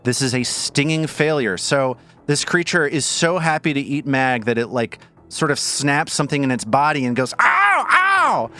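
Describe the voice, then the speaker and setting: With faint music in the background, a game master for a tabletop game describes scenes vividly and playfully, laughing often. He speaks at a moderate pace with hardly any pauses in a fairly bright, mid-range voice.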